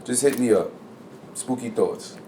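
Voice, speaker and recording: A man co-hosting a podcast in casual chat, blunt and full of slang, getting loud and animated when he is worked up. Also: mid-range voice, a little slow. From New Jersey. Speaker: podcast co-host. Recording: echoey room with faint ambient noise.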